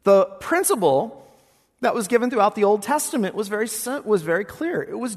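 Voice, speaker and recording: Male pastor preaching, kinda husky, big hall reverb, goes loud then quiet. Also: sits high, a little fast. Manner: expressive preaching with wide swings between loud and hushed. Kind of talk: sermon.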